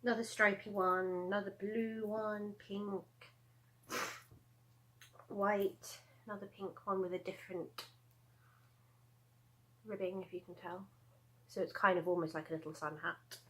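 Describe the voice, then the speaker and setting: A woman's voice: mid-range voice, fairly even intonation, a little slow, pauses often, fairly bright tone, rough recording. A woman in her thirties chatting casually at home as she shows off her handmade crochet pieces, rambling with asides and laughs. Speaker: crochet vlogger. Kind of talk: casual show-and-tell chat.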